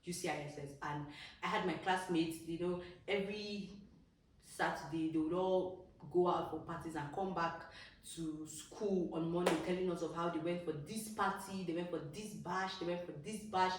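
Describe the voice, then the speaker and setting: In a room full of echo, with a distant microphone and noise behind her, a young vlogger with a Nigerian English accent shares childhood stories with her viewers. Her manner is animated and quick to laughter, punctuated by high-pitched exclamations.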